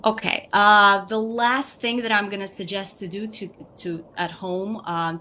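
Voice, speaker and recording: A woman's voice: fairly low pitch, sharp tone, a little hiss or hum. A woman explaining speech activities for young children to parents, patient and repetitive, checking in with "okay?" after each point. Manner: patient, repeats key points, frequent "okay?" check-ins. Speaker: speech therapist guest. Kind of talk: instructional talk to parents.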